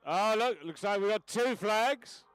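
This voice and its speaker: A man announcing an equestrian event and calling races live, chatty and cheerful with rising excitement during the action. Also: high voice, measured pace, clear, resonant tone, no room sound, soft background music, rough recording. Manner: leads a crowd chant. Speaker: event announcer and race commentator. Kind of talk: live race commentary.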